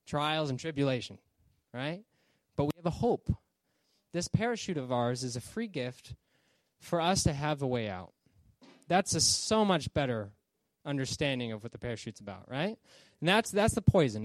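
A man's voice: a little high, dry recording. A man giving an informal Bible teaching, conversational and checking in with his listeners as he explains. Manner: conversational, checks in with "okay?" and "right?".

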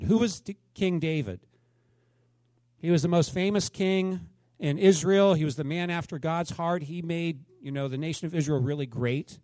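A man's voice: a little high, darkish tone, no room sound. A man preaching a sermon to his congregation in a conversational way, often asking them questions. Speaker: pastor.

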